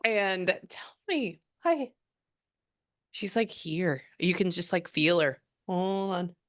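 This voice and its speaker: A woman's voice: on the low side, animated, slow pace. A woman working as a psychic medium, talking casually through a reading and trailing off mid-sentence as she relays messages. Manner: chatty, relays and quotes at length, trails off mid-thought.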